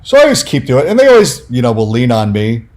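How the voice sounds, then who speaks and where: Chatty man telling animated stories. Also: mid-range voice, fast. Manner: animated, filler-heavy, acts out quoted people. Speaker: podcast guest, fantasy football analyst. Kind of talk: casual storytelling.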